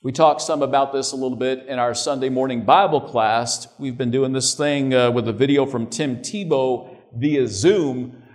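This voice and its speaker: A man preaching a sermon in a conversational way, often repeating words as he starts a thought and swinging between emphatic and quiet phrases. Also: medium pitch, moderate pace.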